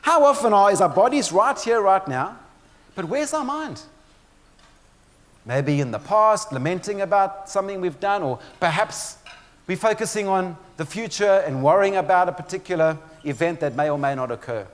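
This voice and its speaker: Speaking a little fast with a high, lively voice, this man delivers a keynote presentation about stress. The motivational speaker spins stories laced with dry humor and addresses the crowd directly, all echoing in a long hall reverb.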